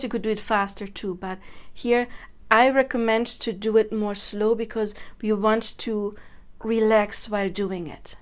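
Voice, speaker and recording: Chatty woman teaching manifestation, higher voice. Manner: chatty, laughs often, demonstrates chants and loud incantations. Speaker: manifestation coach. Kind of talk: casual teaching to camera.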